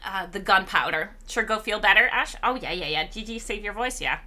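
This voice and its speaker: A woman chats casually on a gaming live stream, rambling between thoughts and reading chat aloud. Her tone is bright and clear, but the voice sounds tired and strained. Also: medium pitch, brisk. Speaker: game streamer.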